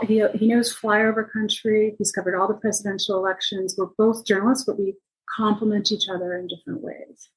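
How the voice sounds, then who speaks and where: A woman being interviewed about her reporting work tells a story in a lively, conversational way. She acts out what people said, and her voice jumps up in pitch when she quotes them. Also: low-quality recording. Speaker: journalist guest.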